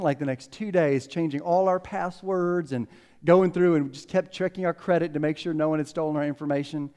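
A pastor giving a conversational sermon, telling stories and acting out quotes with lively ups and downs. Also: male voice, a little high. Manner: conversational, animated storytelling with acted quotes.

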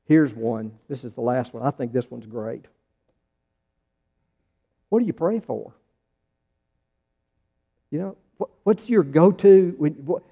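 An American-accented pastor from the United States preaches conversationally, restarting phrases and driving his questions harder. His male voice is on the high side and creaky, with lively intonation, an unhurried pace, and long pauses; the audio sounds dull in a large reverberant hall.

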